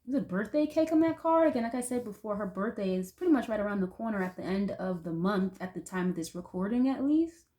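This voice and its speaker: A woman talks through a tarot spread in a relaxed, conversational way, her voice sitting at an ordinary middle pitch. She rambles a little, fills gaps with "like" and "um," and lets a curse word slip now and then. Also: fast talker, hardly any pauses. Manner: chatty and loose, heavy use of "like", occasional swearing. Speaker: tarot reader. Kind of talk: casual intuitive tarot reading to viewers.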